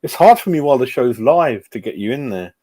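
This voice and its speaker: A man's voice: mid-range voice, lively intonation, a little fast, mellow. A man hosting a live fan stream, chatting casually and muttering to himself while he fiddles with his computer. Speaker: fan channel host.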